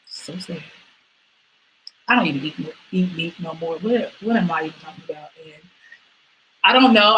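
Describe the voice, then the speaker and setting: A young woman comedian with a lilt performs stand-up over a stream from her home, the poor audio carrying a faint hum of room noise. Her bright, forward voice jumps to high squeals before sinking into quiet mutters.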